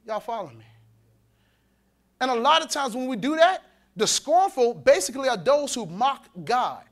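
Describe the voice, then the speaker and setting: A male pastor preaching an animated, colloquial sermon, acting out the voices he quotes and laughing between points. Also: very high-pitched, normal speed. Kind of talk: sermon at a men's conference.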